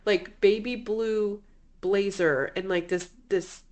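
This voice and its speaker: A woman co-hosting a casual podcast about bad movies, blunt and quick to swear. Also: mid-range voice, steady tone, a little mellow. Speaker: podcast co-host. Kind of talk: casual movie review chat.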